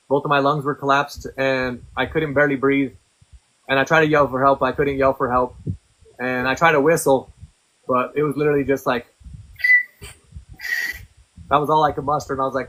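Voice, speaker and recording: Bright, candid man telling his story. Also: fairly high pitch, fairly even intonation, normal speed, pauses often, rough recording. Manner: profane, blunt, conversational. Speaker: podcast guest.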